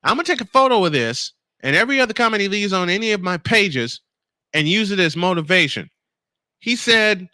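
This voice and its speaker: A man's voice: sits high, very animated, brisk, sharp tone, dry recording, clean studio sound. A man hosting a morning show, ranting angrily at a critic and repeating his points for emphasis. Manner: confrontational, addresses a critic directly and reads comments aloud; emphatic, repeats phrases for effect. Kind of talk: angry on-air rant.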